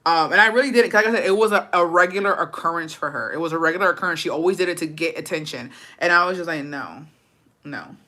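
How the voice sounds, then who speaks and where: A young woman on a livestream telling a story in a blunt, profane, animated way, slipping Spanish phrases into her English. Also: lowish voice, rapid-fire, few pauses. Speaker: livestream host. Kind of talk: casual storytime rant.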